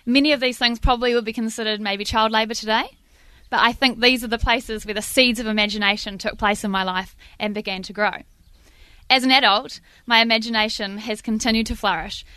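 Brief: middle-aged NZ woman storyteller, lively and self-mocking, fairly high, dry close sound. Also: brisk, smooth, no room sound. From New Zealand. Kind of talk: spoken storytelling to a live audience.

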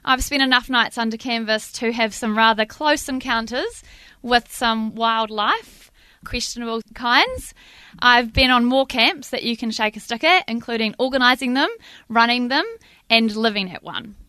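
Bright-voiced New woman telling a story. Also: on the high side, smooth, no echo. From New Zealand. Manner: lively, self-mocking, dramatic pauses. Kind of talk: spoken storytelling to a live audience.

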